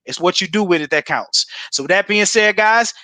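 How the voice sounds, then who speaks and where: This is a man with a high, sharp, ringing voice, talking close and dry on a video call. He delivers a sales pitch with fired-up, preacher-like urgency, pushing listeners to act. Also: moderate pace, no echo. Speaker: guest presenter. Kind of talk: energetic sales pitch on a livestream.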